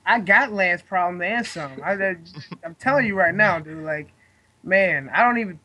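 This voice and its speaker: A man's voice: high-pitched, normal speed, pushed and bright. A man in his twenties, a guest fighter, telling a story in casual chat, rambling and swearing with lots of fillers.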